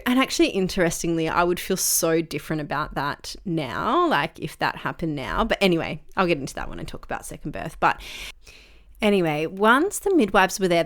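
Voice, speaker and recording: A young woman hosting a solo podcast. She tells a personal story in a casual, chatty way, with many filler words. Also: fairly low pitch. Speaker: podcast host.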